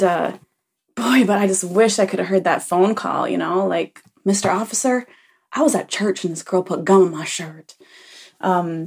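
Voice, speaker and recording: A woman who is a parent leaves a rambling message for a podcast, telling a funny story with many ums and chuckles. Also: fairly low pitch. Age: adult parent. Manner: rambling, full of ums and self-corrections. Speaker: listener leaving a message for a podcast. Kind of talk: casual anecdote.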